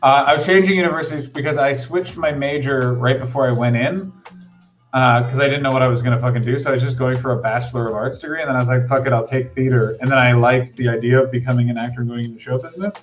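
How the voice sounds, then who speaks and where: A man's voice: mid-range voice, steady tone, quick pace, highs cut off, faint music behind. A man co-hosting a chat, joking in a profane, mock-grandiose way and mocking himself. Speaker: co-host. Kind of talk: comic banter.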